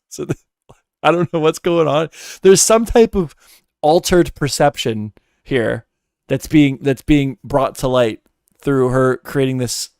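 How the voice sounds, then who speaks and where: A man's voice: mid-range voice, a little slow, a little mellow, smooth, dry recording, clean studio sound. A man hosting a casual reaction stream, rambling and incredulous, swearing freely. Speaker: streamer host.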